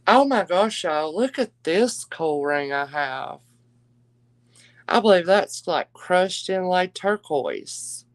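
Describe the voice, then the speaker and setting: A woman's voice: on the low side, expressive, slow, dry recording, rough recording. A woman hosting a live jewelry auction stream, chatty and gushing, calling her viewers darling and y'all. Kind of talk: casual live-stream selling chat.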